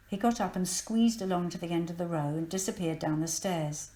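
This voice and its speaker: A woman reading a children's storybook aloud in a clear, expressive manner. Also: on the low side, brisk, hardly any pauses, reverberant, low-quality recording. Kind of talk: children's book read-aloud.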